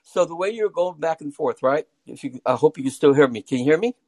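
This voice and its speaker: A man's voice: on the high side, lively intonation, fairly quick, darkish tone, breathy edge, no room sound. Caller, male, phone line, rambling, stumbling delivery, dry sound. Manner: rambling, repeats words while building an argument. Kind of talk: casual call-in discussion. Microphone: phone through a call-in app.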